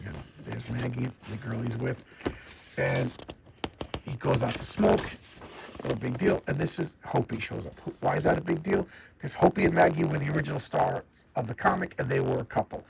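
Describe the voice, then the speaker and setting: Gravelly man chatting about comics. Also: mid-range voice, heavy background noise. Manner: enthusiastic, stammers and repeats words. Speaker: comic book reviewer. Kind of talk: casual spoken comic review.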